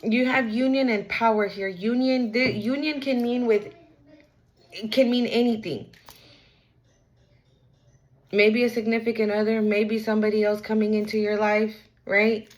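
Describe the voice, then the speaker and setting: A woman's voice: on the high side, steady tone, unhurried, pauses often, poor audio. A young woman giving a casual spiritual card reading, frank and repetitive, with streetwise slang. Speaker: tarot reader.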